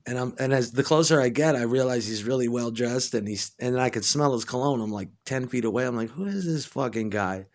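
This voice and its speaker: A man's voice: medium pitch, brisk, hardly any pauses. Profane rambling male storyteller. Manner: profane, rambling, excitable when retelling. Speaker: musician. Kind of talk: casual storytelling monologue.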